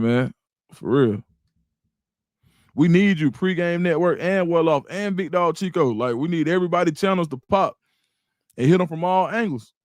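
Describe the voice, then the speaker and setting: A middle-aged man with an Atlanta accent, hosting a casual livestream, reading chat comments and talking in a loose, animated, slangy way. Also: fairly high pitch, no room sound, studio quality. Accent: Atlanta Black Southern English. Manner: animated, repeats words, slangy, reads chat aloud. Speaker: livestream host.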